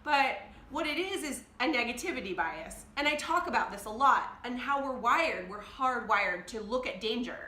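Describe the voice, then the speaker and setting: A woman's voice: fairly high pitch, expressive, normal speed, hardly any pauses, sharp tone. A woman life coach talking candidly to her device, emotional and blunt, often laughing as she speaks. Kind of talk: candid confessional vlog. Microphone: phone or camera device. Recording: roomy echo.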